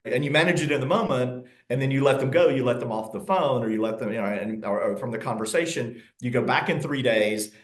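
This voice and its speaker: A man's voice: mid-range voice, fairly quick, few pauses, echoey room. A man with a Southern US accent, a real estate agent talking casually in an interview, repeating words and laughing often. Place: Los Angeles.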